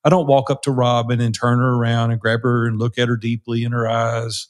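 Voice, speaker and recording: A man's voice: mid-range voice, level tone, fairly quick. A man in his sixties co-hosting a podcast, talking candidly and encouragingly about marriage in casual conversation. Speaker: podcast co-host.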